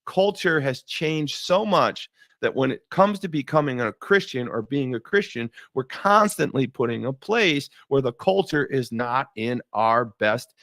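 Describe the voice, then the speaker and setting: A man hosting a faith-based talk show, telling stories in an animated way, often repeating words and laughing. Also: medium pitch, measured pace, dry recording, studio quality. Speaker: show host.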